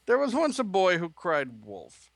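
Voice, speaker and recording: A man voicing a dim, pompous father who speaks only in proverbs, delivering them slowly and solemnly. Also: high-pitched, huge pitch swings, dry recording, voice pushed up, heavily acted. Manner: slow and pronouncing.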